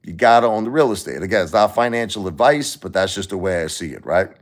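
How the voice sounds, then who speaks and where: A man's voice: deep voice, animated, fast. A middle-aged man with a Brooklyn accent hosting a casual livestream, rambling bluntly through stories and swearing freely. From Brooklyn, New York. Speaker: livestream host and musician.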